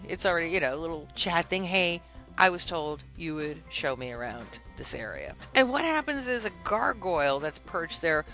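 A podcast host in casual, animated storytelling about a video game, retelling a quest with exasperated asides and acted-out quotes. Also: medium pitch.

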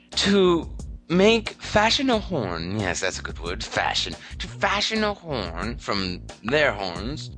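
A man's voice: fairly low pitch, a bit bright. A man hosting a podcast segment, telling a comic gaming story and acting out the characters in a self-mocking way.

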